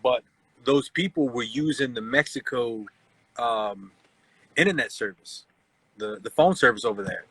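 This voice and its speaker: A man's voice: mid-range voice, a little slow, fairly bright tone, breathy edge, rough recording. A man in his forties hosting a casual live chat, telling stories and acting out the voices he quotes. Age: 40s. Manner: storytelling, acts out quoted voices. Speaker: host.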